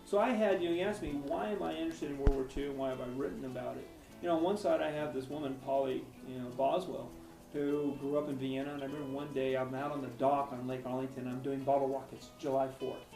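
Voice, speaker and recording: A man's voice: mid-range voice, steady tone, fast talker, vocal fry. Man telling war stories, from afar. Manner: rambling, hesitant with frequent restarts. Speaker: author interviewee. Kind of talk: personal storytelling in an interview. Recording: roomy, distant mic with faint music.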